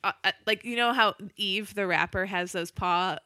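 Chatty woman with a bright, sharp voice. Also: medium pitch, normal speed, no echo, studio quality. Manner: chatty, chiming in, agreeing. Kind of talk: casual chat.

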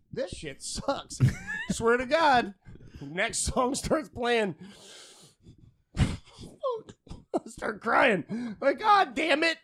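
A man's voice: high voice, dry recording. A man, a podcast guest, telling profane stories in casual banter and laughing often. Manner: animated storyteller, laughs often, swears a lot.

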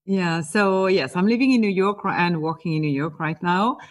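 A woman's voice: fairly low pitch, normal speed. A woman from France with a French accent, answering interview questions eagerly and often repeating small words over a remote call. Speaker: guest, executive leadership coach.

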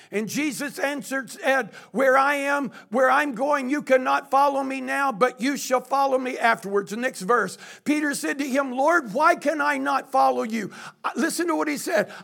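A man preaching a sermon, often shouting as his intensity rises. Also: very high voice, gravelly. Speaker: pastor.

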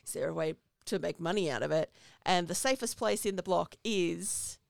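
Gravelly, chatty woman recapping a movie. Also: on the low side, moderate pace, no room sound. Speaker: podcast co-host. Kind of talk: casual movie discussion.

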